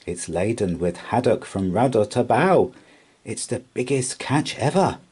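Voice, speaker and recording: A man's voice: lowish voice, lively intonation, measured pace, a little mellow, breathy edge. A man voicing an old man at the harbour sharing news, in a raised, eager voice for a storybook. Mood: excited.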